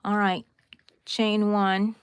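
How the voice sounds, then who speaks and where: A woman's voice: medium pitch, level tone, drawn-out words, smooth, dry recording. A woman with a Texan accent hosting a live crochet tutorial, chatting casually and directly with her viewers with rambling asides. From Texas, USA. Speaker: crochet livestream host.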